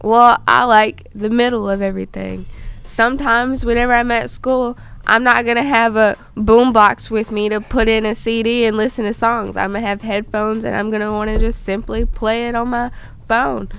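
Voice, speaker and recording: A woman's voice: fairly high pitch, flat delivery, moderate pace, a bit bright, smooth. A young woman hosting a casual chat, talking easily while sick with a stuffy voice. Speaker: student host.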